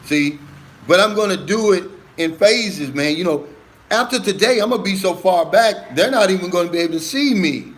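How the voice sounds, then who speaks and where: A man's voice: sits high, expressive, normal speed. A middle-aged man hosting a casual live stream, reading viewer comments aloud and answering them in an earnest, emphatic way, often calling viewers "man" and "brother".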